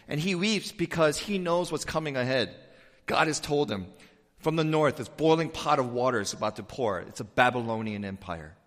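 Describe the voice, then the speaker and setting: A man preaching a sermon in a conversational way. He rises to emphatic peaks and then drops to a soft voice. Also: a little high. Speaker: pastor. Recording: long hall reverb.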